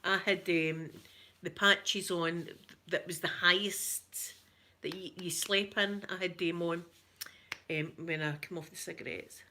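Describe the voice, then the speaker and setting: A middle-aged Scottish woman chatting casually with live viewers on an ASMR stream, giggly and rambling, often dropping to soft whispers. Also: lowish voice, steady tone, a little slow, a little hiss or hum. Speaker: ASMR creator.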